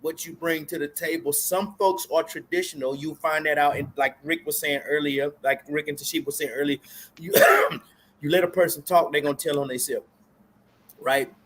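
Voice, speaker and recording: Man steering a lively panel talk. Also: on the high side, moderate pace, slight background noise. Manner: steering the talk with repeated questions.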